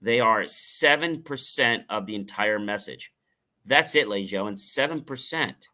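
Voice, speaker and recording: A man, middle-aged, hosts a motivational talk show in a sharp, ringing voice. He talks with energy and repeats key phrases for emphasis. He sometimes slips into acted examples of different tones of voice. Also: on the low side, lively intonation, normal speed. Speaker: show host.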